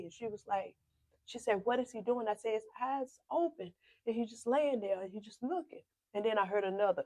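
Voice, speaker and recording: A woman pastor with a South Carolina accent tells her story in emotional bursts, acting out what each person said and repeating phrases. Her voice often sinks to a soft whisper. The sound is close and dry, with no room echo. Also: mid-range voice, lively intonation, normal speed. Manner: repeats and re-enacts dialogue with quoted speech. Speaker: pastor, podcast guest. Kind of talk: personal testimony in a conversation.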